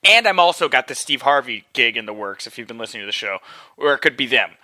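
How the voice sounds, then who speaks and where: A man's voice: medium pitch, quick pace, dry recording. A young man hosting his own show alone from his apartment, ranting profanely about a phone call and acting out the people on the line. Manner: profane, animated, acts out phone calls in quoted voices. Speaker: podcast host. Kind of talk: casual ranting monologue.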